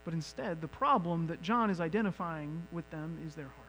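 A man with a high voice preaches a sermon as pastor. He shifts from soft, reflective lines to loud, pressing questions. A faint electrical hum sits under the recording. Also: fairly quick, poor audio. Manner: builds from quiet reflection to loud emphatic questions.

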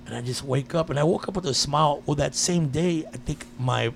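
A man in casual chat, telling a personal story with lively energy and frequent swearing. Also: a little high, a little fast, creaky, slight background noise. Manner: animated storyteller, swears freely.

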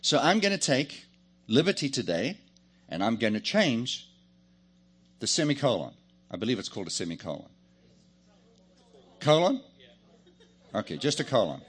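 A man preaches to his congregation, his voice sitting in an ordinary middle register. His pitch rises and falls constantly, with lively swoops for emphasis. He jokes and calls for answers from the people in front of him. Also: normal speed, long pauses, breathy edge. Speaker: pastor. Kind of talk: sermon.

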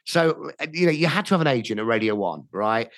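A middle-aged man spins a rowdy anecdote with a wide, swooping pitch range, acting out each voice in turn. His voice sits close and dry on a studio mic, with no room sound around it. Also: fast, no room sound. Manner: animated, acts out quoted dialogue with laughs. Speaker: podcast guest, radio DJ. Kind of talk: anecdotal storytelling.

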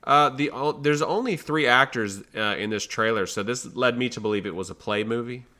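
A man, co-hosting a casual chat about movie trailers with animated, mock-outraged ranting. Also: mid-range voice, a little fast. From American South. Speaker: podcast co-host.

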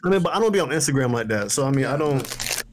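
A man's voice: mid-range voice, expressive, fast talker, background noise. A man co-hosting a casual podcast chat, thoughtful and hedging, often repeating words as he starts a point. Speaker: podcast co-host.

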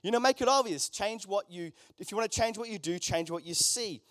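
High-voiced man preaching a casual sermon. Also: a little fast, fairly bright tone, dry recording, studio quality. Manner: conversational, joking asides to the congregation. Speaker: pastor.

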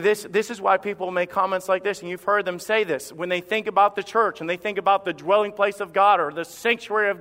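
Male pastor mid-sermon, bright and forceful delivery, dramatic pauses, reverberant sanctuary. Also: high voice. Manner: impassioned, emphatic preaching with dramatic pauses. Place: church sanctuary. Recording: long reverb of a church hall.

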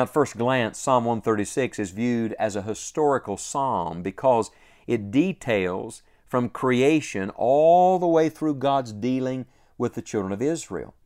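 A man's voice: mid-range voice, darkish tone. Guy preaching a short devotional, earnest, leans on repeats, drags out the last word. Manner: earnest, emphatic repetition with slow drawn-out endings. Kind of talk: devotional sermon.

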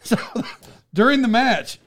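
A man telling a story in casual chat, animated, breaking into loud impressions of an excited fan. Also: very high-pitched, takes it slowly.

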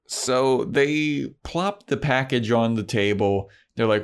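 A man's voice: mid-range voice, a little slow, clear, resonant tone. A man casually recapping a TV episode with a co-host, retelling the scenes loosely and slipping into playful quoted lines. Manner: laid-back, relaxed retelling with playful quoted voices.

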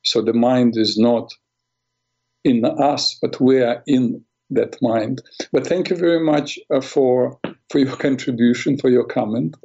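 Gravelly, mellow-voiced man hosting call-in radio. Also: medium pitch, unhurried, highs cut off. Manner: calm, affirming listener with many fillers. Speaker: radio call-in host, mental health practitioner.

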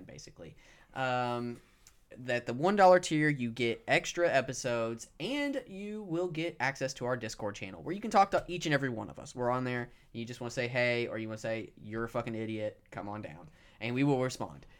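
A man hosting a podcast and acting as game master, talking in a relaxed, rambling way with lots of fillers. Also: medium pitch, fairly quick, smooth. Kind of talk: casual ad read and game narration.

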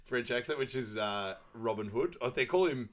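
A man's voice: expressive, moderate pace. A young man co-hosting a podcast, chatting casually through a film recap, laughing often and quoting characters. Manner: laughs often, quotes characters in high put-on voices. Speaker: podcast co-host.

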